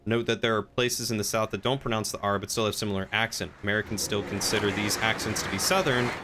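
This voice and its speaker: A man's voice: on the low side, steady tone, fast, heavy background noise. Chatty male game streamer. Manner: chatty, jokey, puts on a folksy drawl at times. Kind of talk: casual game commentary.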